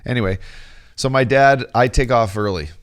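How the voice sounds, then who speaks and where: A man's voice: mid-range voice, moderate pace. A man co-hosting a podcast, a former pro hockey player telling a story in casual, profane, rambling chat.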